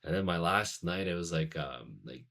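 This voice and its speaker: Man, very low pitch, casual storytelling, rambling, swears, podcast guest. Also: animated, moderate pace, vocal fry, fairly bright tone. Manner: rambling, heavy on "like", swearing, laughing. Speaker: podcast guest, former firefighter.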